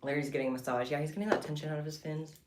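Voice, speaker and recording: A woman chatting casually and excitably to her viewers while livestreaming her craft work. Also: low-pitched, very fast, roomy sound, noisy background. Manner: chatty and excitable, talking to chat. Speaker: livestreamer making bead bracelets.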